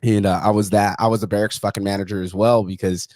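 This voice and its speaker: In a casual storytelling chat, a podcast host talks fast in a lowish, darkish voice with a level tone. He's blunt and profane, swearing constantly and voicing the people in his stories, with no room sound on the recording.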